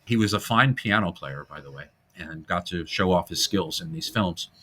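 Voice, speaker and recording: A man hosting a casual film-history podcast, animated and jokey, now and then breaking into silly voices. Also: sits low, normal speed. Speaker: podcast host.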